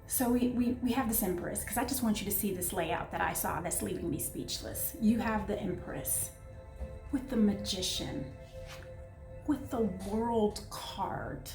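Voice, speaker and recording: A woman giving an excitable, gushing tarot reading, talking straight to her viewers. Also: mid-range voice, measured pace, gravelly, reverberant, over music. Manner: excitable, gushing, breathless asides. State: out of breath. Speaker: tarot reader.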